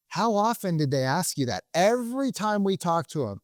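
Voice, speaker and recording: A man's voice: fairly high pitch, very animated, normal speed, hardly any pauses, dry recording, studio quality. A man hosting a podcast in a casual, rambling way, full of restarts and loose swearing. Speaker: podcast host.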